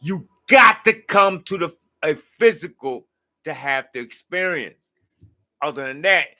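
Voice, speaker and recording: A man's voice: high-pitched, pushed and bright. A tired man hosting a late-night livestream, rambling loosely in slang and preaching about life. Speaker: livestream host.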